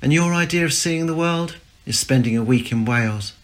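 A man's voice: mid-range voice, normal speed, pitched above the performer's own voice, lightly acted. A man voicing a bored, restless young office worker who craves more from life. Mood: snappy. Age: young adult. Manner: frustrated, sulky.

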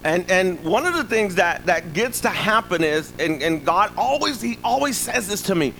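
High bright-voiced guy preaching, lively and jokey, bit of noise behind. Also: moderate pace, vocal fry, hardly any pauses, poor audio. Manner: animated, humorous, call-and-response asides. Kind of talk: sermon.

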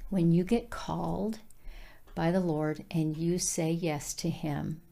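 A woman's voice: fairly low pitch, fairly even intonation, slow pace, vocal fry, dark tone. A woman giving a casual devotional Bible teaching, speaking earnestly and directly to her listeners.

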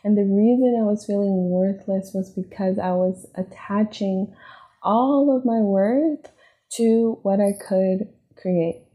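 Speaking slowly in a dark, medium-pitched voice, a woman on her podcast talks through her personal struggles. The confessional, reflective monologue is emotional, she's near tears, and she relies on "like" and "right?" as fillers.

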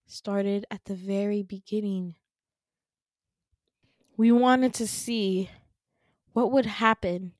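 A woman quoting a cold, calculating scientist father who speaks in a calm, clinical way, close to her own voice. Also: high voice, no room sound. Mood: detached.

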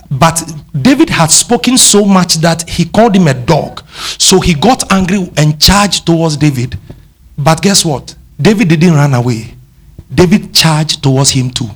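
Male Ghanaian preacher, emphatic sermon delivery, unhurried, drawn-out words, questions the congregation, mixes English and Twi. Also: on the high side, animated, slightly rough. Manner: switches between English and Twi.

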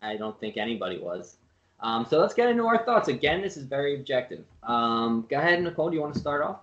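A man's voice: medium pitch, very animated, fast talker, a bit bright. A man co-hosting a podcast in casual, sarcastic banter. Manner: sarcastic, mocking. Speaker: podcast co-host. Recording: roomy, dull lo-fi sound.

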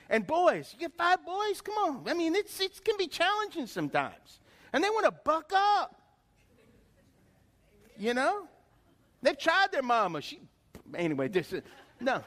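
A middle-aged man preaching a sermon in a folksy, animated way, with chatty asides to the congregation. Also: sits high, big-room sound. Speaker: pastor.

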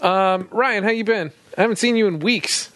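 A man co-hosting a comedy podcast, chiming in with quick jokes and teasing asides in casual banter. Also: high-pitched, a bit bright. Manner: quick jokey interjections. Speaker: podcast co-host.

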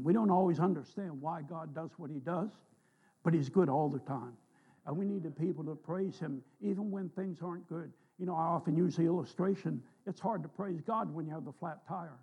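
A man's voice: on the high side, normal speed, husky, highs cut off. A man preaching a sermon in a church, telling folksy stories and rising with emphasis on scripture. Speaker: pastor. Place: church sanctuary.

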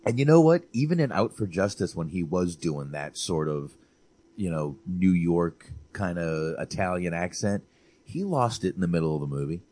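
A man co-hosting a casual movie chat, animated, swearing and repeating himself for emphasis. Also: deep voice, moderate pace. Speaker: podcast co-host.

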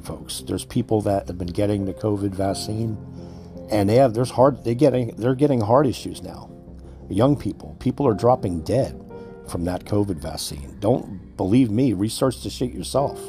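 A man's voice: fairly low pitch, dark tone. A man hosting a podcast, delivering an angry, swear-filled rant that lectures his listeners. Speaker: podcast host.

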